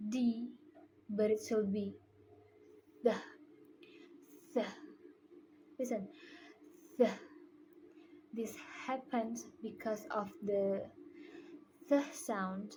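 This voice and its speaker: Slow, careful Indonesian-accented young woman. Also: mid-range voice, darkish tone, a little hiss or hum, low-quality recording. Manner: slow, careful, repeats words to demonstrate. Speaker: student. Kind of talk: recorded class presentation.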